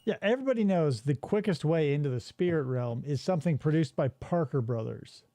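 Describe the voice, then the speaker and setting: A man's voice: on the high side, animated, brisk, warm tone, no echo. A man hosting a podcast, riffing in casual chat and swearing freely. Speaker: podcast host.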